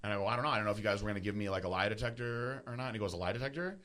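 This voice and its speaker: A man's voice: lowish voice, rapid-fire. A man in casual chat, telling a story animatedly, acting out the other people's lines and swearing freely. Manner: animated, acts out quoted voices, swears freely.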